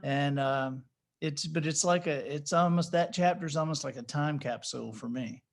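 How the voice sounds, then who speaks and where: Guy with a kinda high voice telling stories on a video call, animated, does impressions. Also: moderate pace, creaky. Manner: lively storyteller, dips into voice impressions. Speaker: author, interview guest. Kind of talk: casual storytelling interview.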